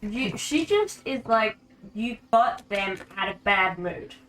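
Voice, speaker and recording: An Australian woman narrating a tabletop game as game master, animated and often laughing. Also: mid-range voice, takes it slowly.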